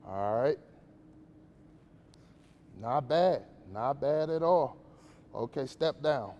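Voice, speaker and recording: A man's voice: mid-range voice, expressive, very slow, big-room sound, highs cut off. A man giving a casual, slangy motivational talk to young players at a basketball camp, questioning the kids as he goes.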